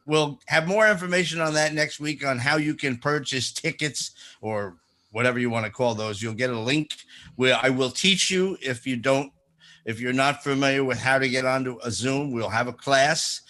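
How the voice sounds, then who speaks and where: A man's voice: on the high side, bright, forceful tone. A man with a New Jersey accent hosting a casual radio chat, joking and rambling as he plugs an event. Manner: joking, rambling, self-interrupting. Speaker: radio show host.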